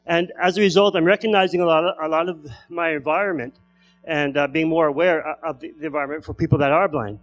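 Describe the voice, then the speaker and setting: High-voiced man who stutters. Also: steady tone, lo-fi sound. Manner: stutters, with repeated starts and drawn-out pauses. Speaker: stand-up comedian. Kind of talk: stand-up storytelling.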